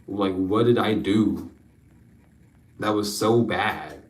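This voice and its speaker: A man's voice: on the low side, slow pace, echoey room, far from the mic, low-quality recording. A man giving an emotional spiritual reading, rambling, repeating his questions and swearing freely. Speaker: spiritual card reader.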